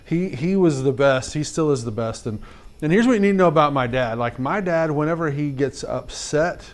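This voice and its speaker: A man teaching a class of fifth graders, telling a personal story in an animated, chatty way, with lots of "like" and direct questions to the kids. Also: a little high, moderate pace.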